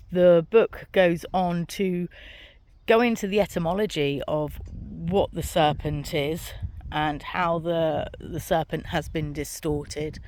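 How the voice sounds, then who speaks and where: A woman's voice: fairly low pitch, darkish tone. A middle-aged woman, talking frankly and casually to camera while walking outdoors on her farm, swearing now and then and laughing at her own jokes. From Britain. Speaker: author and vlog host. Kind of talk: casual walking vlog monologue.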